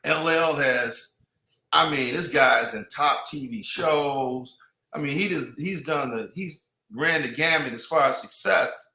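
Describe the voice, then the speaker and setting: A man talks in a loose, rambling way, stopping and restarting often and filling gaps with "you know what I mean". His voice is bright and sits a little high. The room around him is echoey. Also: a little slow. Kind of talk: casual chat.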